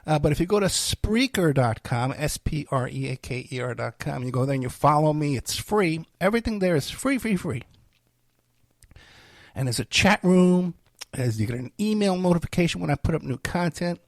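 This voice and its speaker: A man hosts his own podcast and rambles through plugs and stories. He is full of fillers and self-deprecating asides. His voice is gravelly and close in a dry, dead-sounding recording, and he sounds tired and under the weather. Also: fairly high pitch, lively intonation, moderate pace, no room sound. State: tired, feeling unwell. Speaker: podcast host and private investigator. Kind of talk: rambling solo podcast talk.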